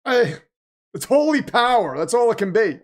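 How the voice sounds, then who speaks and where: A man hosting a live watch party, reacting excitedly to the game and reading viewer comments aloud, his voice getting worn. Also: extremely high pitch, normal speed. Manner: animated, exclaiming, reads chat aloud. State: losing his voice. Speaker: livestream host.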